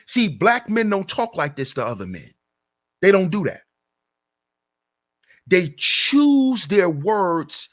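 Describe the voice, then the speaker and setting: A man's voice: sits high, sing-song, measured pace, pauses often, fairly bright tone. A man hosting his own channel, giving an emphatic commentary rant full of repeated rhetorical questions. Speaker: channel host.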